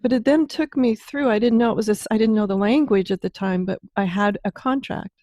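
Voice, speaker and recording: Interviewing a guest on her podcast, a woman with a warm, fairly high voice talks fairly quickly. She gushes with breathless exclamations of wow and asks long, wandering questions, and there's no echo.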